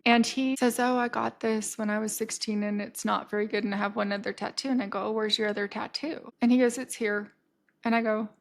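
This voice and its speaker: A young adult woman hosting her podcast, telling a personal story in a casual, animated way, swearing freely and acting out the lines of the people in it. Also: mid-range voice, gravelly. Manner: animated, swears freely, acts out quoted dialogue. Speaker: podcast host.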